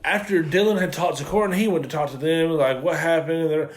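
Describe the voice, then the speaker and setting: With a voice on the high side and a brisk delivery, a man co-hosts a casual review of a TV series. He recaps scenes, swears plenty, and acts out what the characters say.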